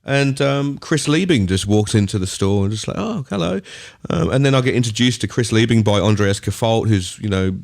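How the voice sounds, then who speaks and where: Lowish middle-aged Australian man storytelling. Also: a little fast, few pauses. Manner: rambling, animated storyteller. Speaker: guest DJ and producer. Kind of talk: podcast storytelling.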